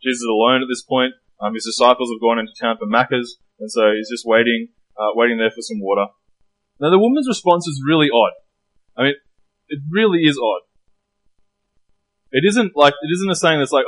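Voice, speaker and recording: A man preaching a sermon in a relaxed, conversational way, posing rhetorical questions. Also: mid-range voice, fairly quick, poor audio.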